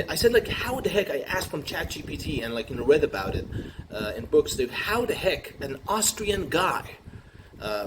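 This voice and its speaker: A man riffing through an improvised comic monologue, rambling and halting with many fillers and restarts. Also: fairly high pitch. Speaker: comedian. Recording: noisy recording with room ambience.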